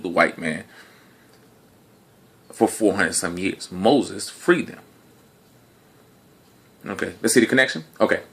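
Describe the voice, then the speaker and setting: A man delivering a casual, argumentative monologue to the camera in slangy speech, full of rhetorical questions, dropping low and quiet, then rising loud and high. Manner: laughs between points. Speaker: video blogger.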